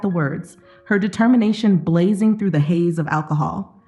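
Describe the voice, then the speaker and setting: A woman narrating an emotional story in a steady, dramatic scripted reading. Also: on the low side, normal speed, faint music behind.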